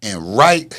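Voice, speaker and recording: Animated storytelling man, lively pitch. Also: heavy background noise. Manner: animated storyteller, acts out quotes and growls. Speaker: podcast co-host. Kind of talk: casual chat.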